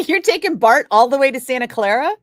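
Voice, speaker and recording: A woman's voice: high-pitched, expressive, moderate pace, no room sound. Chatty woman radio DJ, dry sound. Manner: rambling, chatty, many filler words. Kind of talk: casual on-air storytelling chat. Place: radio studio.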